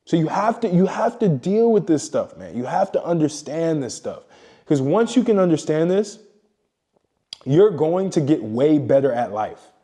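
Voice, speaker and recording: A man's voice: on the high side, sing-song, normal speed, mellow. A man giving a blunt, profane motivational monologue as a self-improvement coach, lecturing emphatically.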